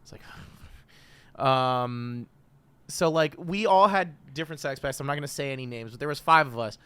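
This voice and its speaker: A man's voice: medium pitch, normal speed, bright, forceful tone, clean tone, no echo. A young man co-hosting a podcast, telling a college story with lots of fillers and laughter. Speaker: podcast co-host. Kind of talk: casual chat.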